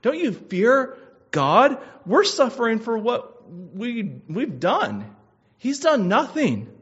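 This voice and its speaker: A man voicing a repentant dying thief who sharply rebukes another, his pitch climbing high. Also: sing-song, slow, fairly bright tone, husky, heavily acted. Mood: urgent rebuke. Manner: exclaiming rebukes in rising pitch. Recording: muffled lo-fi recording.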